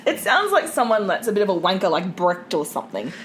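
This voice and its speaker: A woman co-hosting a podcast in casual, joking chat, quick and laughing often. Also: mid-range voice, big pitch swings, a little hiss or hum. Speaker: podcast co-host.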